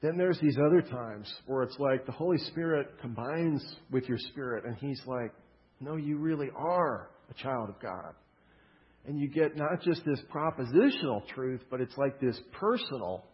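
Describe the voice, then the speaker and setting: A man preaching a sermon, in a loose, conversational way with humorous storytelling. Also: mid-range voice. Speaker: pastor. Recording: muffled with long hall reverb.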